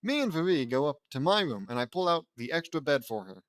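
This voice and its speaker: A man's voice: fairly high pitch, very animated, fast, no echo. A man reading his own fan fiction aloud in a casual way, stumbling and slipping in wry asides. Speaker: reader.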